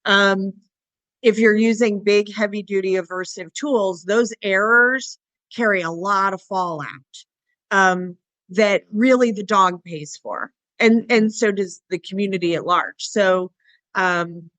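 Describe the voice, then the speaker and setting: A woman co-hosting a podcast about dog training, chatting casually and acting out dogs and owners in quick asides. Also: medium pitch, fairly bright tone, no room sound.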